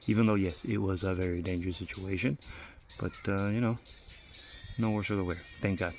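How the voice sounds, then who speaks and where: Gravelly low-voiced man telling a casual story. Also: fairly even intonation, a little fast, darkish tone, faint music behind. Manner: rambling and profane, with many fillers. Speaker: father giving a family update.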